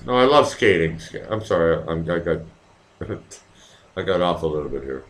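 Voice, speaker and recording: His voice sits low and has a sing-song lilt at a normal speed. The speaker, a 40-something live streamer from near Boston, Massachusetts, chats with his audience and reads their comments while ranting profanely. He rambles, dropping into mumbles one moment and erupting loudly the next.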